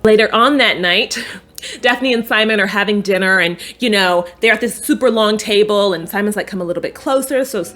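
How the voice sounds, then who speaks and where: A young woman casually recapping a TV episode in a sassy, animated way, swearing freely and acting out the characters' lines. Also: mid-range voice, moderate pace. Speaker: recap host.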